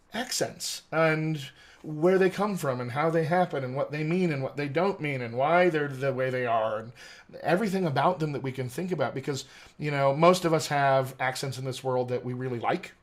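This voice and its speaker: American accent coach, steady and methodical. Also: male voice, medium pitch, moderate pace. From United States. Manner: articulate, methodical, lecturing. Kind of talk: explaining in an interview.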